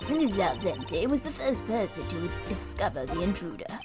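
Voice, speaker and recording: A stiff, formal prosecutor, as a woman reads him who lays out his case in a measured tone. Game music hums under the lines. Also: mid-range voice, sing-song, close to an everyday voice. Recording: game music playing behind.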